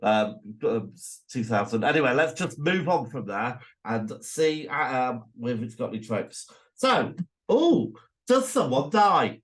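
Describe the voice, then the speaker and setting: A man hosting a podcast in loose, joking banter. His voice sits at an ordinary pitch but swings widely, shooting up whenever he gets excited about a point. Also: measured pace. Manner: animated, jumps high when arguing. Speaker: podcast co-host. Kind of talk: casual banter.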